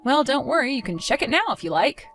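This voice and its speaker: A woman in a dramatized story, speaking as a wronged fiancée, calm, cold and accusing, over faint music. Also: high voice, quick pace. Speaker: wronged fiancée telling her side.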